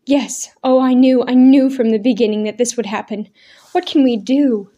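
A woman's voice: fairly high pitch, steady tone, moderate pace, warm tone, muffled recording, natural voice. A woman voicing a frightened young woman who pleads in a breathless, urgent voice. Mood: frantic.

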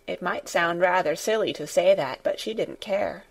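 A woman narrating a children's classic as an audiobook, in a measured, expressive storytelling manner. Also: fairly low pitch, gravelly. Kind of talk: scripted narration.

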